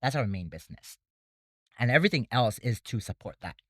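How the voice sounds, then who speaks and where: A man's voice: mid-range voice, big pitch swings, fairly quick, no echo. A man who runs a debate academy, talking casually in an interview and explaining things step by step with many fillers. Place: Bangkok.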